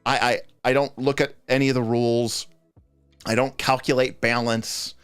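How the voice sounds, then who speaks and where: A man's voice: medium pitch, flat delivery, normal speed, fairly bright tone, smooth, no room sound, faint music behind. A man hosting a livestream, talking casually in a rambling, chatty way that often breaks off mid-thought. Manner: rambling, chatty, self-interrupting. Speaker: host answering game master questions.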